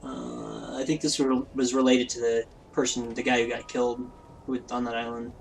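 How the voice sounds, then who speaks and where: A man's voice: medium pitch, flat delivery, normal speed, creaky, slight background noise, rough recording. A man giving rambling, self-deprecating, jokey commentary while playing a game. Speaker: let's play host. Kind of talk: casual gameplay commentary.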